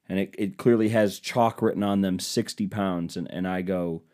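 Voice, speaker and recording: A young man hosts his own podcast in a loose, comic storytelling monologue. His voice sits somewhat low for a man. He swears freely and pokes fun at himself. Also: fairly even intonation, moderate pace, darkish tone. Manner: casual, profane, self-deprecating. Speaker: podcast host.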